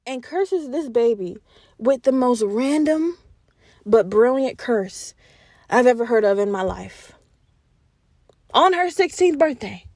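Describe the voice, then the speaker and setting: A woman hosting a podcast, retelling a film plot as animated, profane, slang-heavy comedic storytelling. Her voice sits high. The recording is close and dry, with no room sound. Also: takes it slowly, pauses often, dry recording. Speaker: podcast host.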